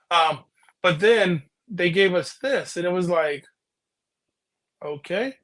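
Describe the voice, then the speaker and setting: A man's voice: high voice, slow pace, pauses often, a bit bright. A man co-hosting a casual podcast chat, explaining his views earnestly and often breaking off mid-sentence. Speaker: podcast co-host.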